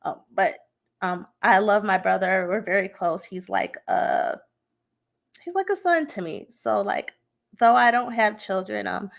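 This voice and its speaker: Heartfelt woman podcaster, gravelly voice. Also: mid-range voice. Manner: emotional, heartfelt, rambling with fillers. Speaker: podcast host. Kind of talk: casual personal talk.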